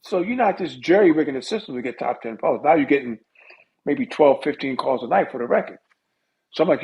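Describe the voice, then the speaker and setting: A middle-aged man, a music industry guest, telling stories in a casual interview with lively asides. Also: medium pitch, fairly quick. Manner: animated storyteller with lively asides. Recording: dull lo-fi audio.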